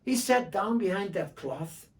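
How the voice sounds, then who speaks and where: A man performing traditional folk tales as a storyteller, rhythmic and repetitive, often clearing his throat. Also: high voice, expressive, measured pace. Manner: rhythmic, repeating phrases, frequent throat-clearing. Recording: distant mic.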